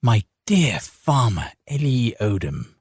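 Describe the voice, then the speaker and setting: A man reading an audiobook, voicing a lazy, arrogant young nobleman who speaks slowly and condescendingly. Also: mid-range voice, huge pitch swings, no room sound, pitched above the performer's own voice, exaggerated voice. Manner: drawling, languid, condescending. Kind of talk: audiobook character voice.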